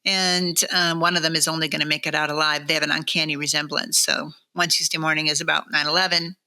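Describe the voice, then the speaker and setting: Bright-voiced woman telling stories. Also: deep voice, fast talker. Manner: animated, laughs often, acts out quoted voices. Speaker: novelist guest. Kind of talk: conversational interview storytelling. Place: church studio.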